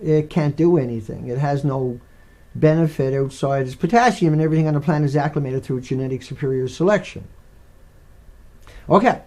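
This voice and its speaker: A man's voice: a little high, brisk, darkish tone. A man hosting a live stream, talking in a rambling, digressive way with many restarts.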